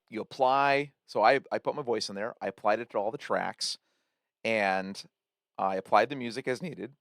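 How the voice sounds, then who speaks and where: Man, gravelly low voice, chatty tutorial host, loose and rambling, dry close sound. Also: no room sound. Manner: chatty, loose, with many fillers and restarts. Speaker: podcast host. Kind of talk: casual tutorial walkthrough.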